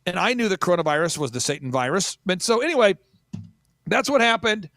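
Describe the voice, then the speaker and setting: A man with a high, gravelly voice tells stories with lots of energy, swinging his pitch widely as he mocks and jokes. He sounds dry and close to the microphone. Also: dry recording. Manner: energetic, mocking, with quick asides. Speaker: guest. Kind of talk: animated storytelling in casual chat.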